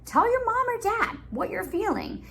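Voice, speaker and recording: A woman who teaches preschool online, reading a picture book and talking to young children in a playful, exaggerated storytelling voice that turns gentle and soothing at times. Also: extremely high pitch, big pitch swings, moderate pace, creaky. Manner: sing-song, exaggerated storytelling voice for little kids; gentle and soothing when guiding breathing.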